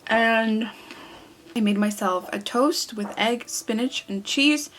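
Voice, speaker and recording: A woman's voice: a little high, slow pace, a bit bright, a little hiss or hum. A young woman vlogging casually to her viewers, chatty and earnest, with frequent fillers and self-corrections. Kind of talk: casual vlog talk to camera.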